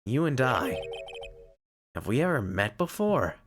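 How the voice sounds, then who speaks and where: A man voicing an earnest young lawyer who is easily startled, reading slowly with lively rises in pitch. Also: noisy background. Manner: earnest, jumpy. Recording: game music behind.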